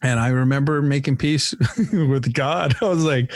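A man's voice: mid-range voice, normal speed, no room sound, studio quality. A young man in casual chat who swears freely and keeps saying "dude" and "man". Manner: profane, says "dude" and "man" a lot.

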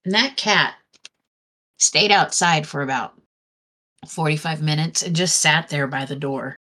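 Low-voiced woman telling a rambling story. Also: unhurried, pushed and bright. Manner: rambling storyteller who acts out quoted dialogue. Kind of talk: casual conversation.

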